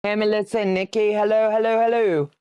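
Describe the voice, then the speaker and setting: A woman's voice: mid-range voice, flat delivery, a little fast, warm tone, clean tone, no echo. A woman in her sixties hosting a quilting livestream. She chats casually while she sews, teases viewers and greets them by name, and laughs often. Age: 60s. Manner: chatty and teasing, reads out viewer comments, laughs often.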